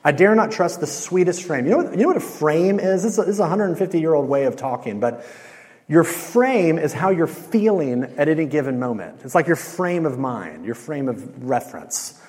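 A man in his thirties giving a relaxed, conversational sermon as a campus minister. He keeps asking the audience questions and uses lots of casual fillers. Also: on the high side, normal speed. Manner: conversational, with lots of "like" and "you know". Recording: long hall reverb.

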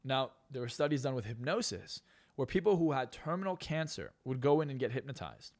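A man's voice: mid-range voice, big pitch swings, fairly quick, a little mellow. A man who is a hypnotist and coach, guest on a podcast interview, talking bluntly and profanely with lots of emphasis.

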